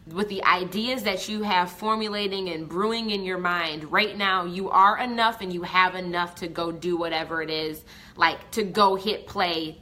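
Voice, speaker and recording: A woman coach speaks to her viewers on a live stream, heartfelt and unpolished. She restarts sentences and swears casually. Her voice is bright and forceful, sitting at an ordinary pitch for a woman. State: tearful at moments. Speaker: business coach. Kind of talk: emotional live-stream talk.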